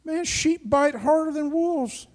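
An older man preaching a sermon, telling a personal story with dramatic swings between quiet and loud. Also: extremely high pitch, slow pace.

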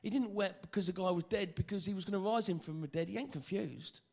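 Joking preacher with a high voice. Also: male voice, quick pace, gravelly. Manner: lively and joking, stammers and repeats phrases. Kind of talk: sermon.

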